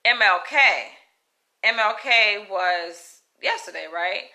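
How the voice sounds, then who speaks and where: Southern US woman, crisp bright tone, casual chatty storyteller, often checks in with her listener. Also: medium pitch, lively intonation, slow pace. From Southern United States. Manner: chatty, emphatic, often adds "right?" and "you know?".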